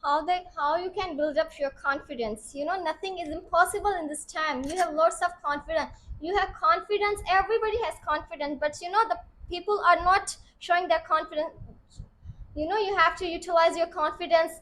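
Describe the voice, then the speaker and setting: Very high-voiced woman, earnest. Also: fairly even intonation, a little fast, fairly bright tone, slight background noise. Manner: earnest, repetitive, advising. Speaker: former student, now teacher. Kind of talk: motivational talk.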